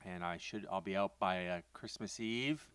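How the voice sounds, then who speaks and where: Smooth-voiced man chatting on a podcast. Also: low-pitched, moderate pace, fairly bright tone, dry recording. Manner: rambling storyteller, frequent fillers and self-corrections. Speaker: podcast co-host. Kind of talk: casual podcast chat.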